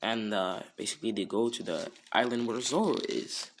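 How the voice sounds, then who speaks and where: A man's voice: fairly low pitch, normal speed, slight background noise. A man casually improvising a fan story, rambling with many fillers like "you know" and "basically".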